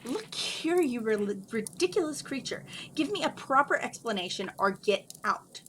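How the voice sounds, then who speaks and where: A haughty, demanding rich girl from a storybook who snaps at everyone, read by a woman. Her voice is mid-pitched and sharp-edged. Faint hiss sits under it. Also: very animated, moderate pace. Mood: snappish. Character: spoiled bossy rich teenage girl. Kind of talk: reading a story aloud.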